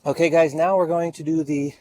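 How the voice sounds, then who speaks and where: A man's voice: on the high side, steady tone, fairly quick, dark tone, low-quality recording. A man photographing a model outdoors, out of breath, counting off shots and giving short directions. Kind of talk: on-location shoot commentary. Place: outdoors by a street.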